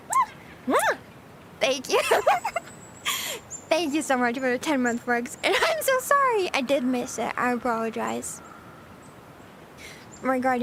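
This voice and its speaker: A woman's voice: sits high, noisy background. A young American woman chatting casually on a live stream, giggly and bubbly, reading and answering chat. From United States. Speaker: VTuber streamer.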